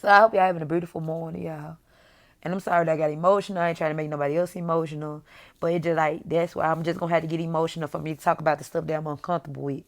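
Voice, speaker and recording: A woman's voice: sits low, flat delivery, very fast. A young adult woman vlogging candidly and emphatically, addressing her viewers directly and repeating her points. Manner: emphatic, repetitive, talks straight to viewers. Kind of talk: candid motivational vlog talk.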